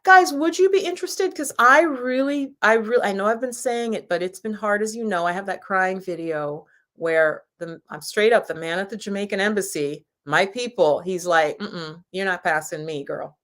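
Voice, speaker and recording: A woman's voice: mid-range voice, animated, normal speed, few pauses. A woman hosting a live stream for her channel, chatting casually with viewers in a rambling, laughing way. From United States. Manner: chatty and warm, with frequent laughs and rambling asides. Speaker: YouTube channel host.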